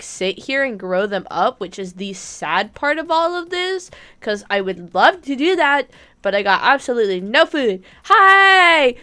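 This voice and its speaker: A young woman streaming a game live, bubbly and giggly, chatting excitedly with her viewers. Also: a little high, clear, resonant tone. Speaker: gaming streamer. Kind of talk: live-stream gameplay chat.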